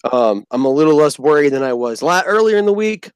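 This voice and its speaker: A man's voice: fairly high pitch, expressive, brisk, clean tone, dry recording. A man co-hosting a casual podcast chat, joking and self-deprecating. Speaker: podcast co-host.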